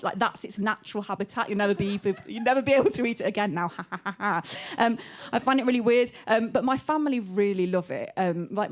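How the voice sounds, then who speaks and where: A woman from England doing live stand-up in a comedy club. She talks quickly and casually, swears a lot and fills her pauses with "um". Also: medium pitch. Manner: chatty, quick, sweary, many ums.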